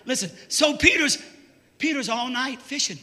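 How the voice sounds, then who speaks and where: High, bright-voiced preacher man. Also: expressive, normal speed, long reverb tail. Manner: folksy, joking, swells to shouting. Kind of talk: sermon. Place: church.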